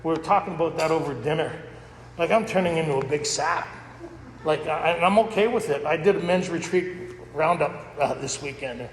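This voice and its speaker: Gravelly man telling his story in an echoey hall. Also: on the high side, moderate pace. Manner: candid, rambling storytelling. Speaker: recovery meeting speaker. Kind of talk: personal testimony talk. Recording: echoey hall with faint noise.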